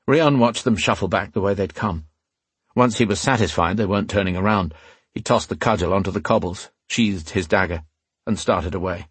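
A man reads a fantasy novel aloud in a steady, even storytelling voice. His voice is low and slightly husky. The recording is dry and close, with no room sound. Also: moderate pace, no echo. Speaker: narrator. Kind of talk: audiobook narration.

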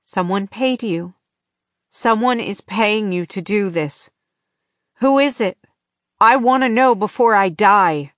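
Frightened captive young woman, as the reader does her, urgent, anxious, slow, dry sound. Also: mid-range voice, lively intonation, no echo.

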